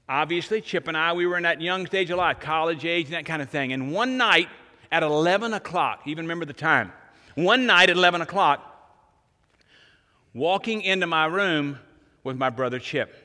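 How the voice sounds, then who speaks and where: A man preaching a sermon, telling a story with animated delivery and repeating phrases for emphasis. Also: on the high side, moderate pace, long reverb tail. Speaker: pastor.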